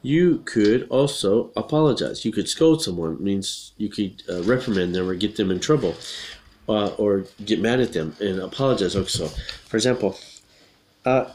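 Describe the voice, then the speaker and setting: A man teaching English by reading a children's picture book aloud, explaining patiently and repeating each line, then bursting into loud acted shouts. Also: on the low side, animated, moderate pace.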